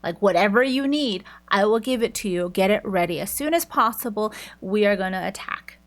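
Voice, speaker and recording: A woman's voice: medium pitch, expressive, fairly quick, lightly acted. A ruthless female admiral, as a woman puts her on barking orders. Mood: commanding.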